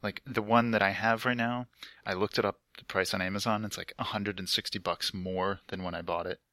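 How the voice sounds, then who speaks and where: A man's voice: on the low side, steady tone, a little fast, sharp tone, no room sound. A young man on a laptop headset mic, telling a rambling story in casual podcast chat. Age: young adult. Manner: rambling, chatty storytelling with frequent "like" fillers. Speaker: podcast co-host.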